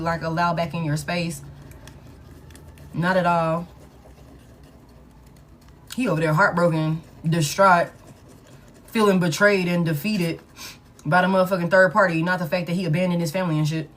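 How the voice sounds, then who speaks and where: A woman's voice: lowish voice, steady tone, normal speed, pauses often, slight background noise. Blunt, cursing woman reading tarot. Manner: blunt and profane, thinking aloud while pulling cards; talks straight to her viewers. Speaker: tarot reader. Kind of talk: live collective tarot reading.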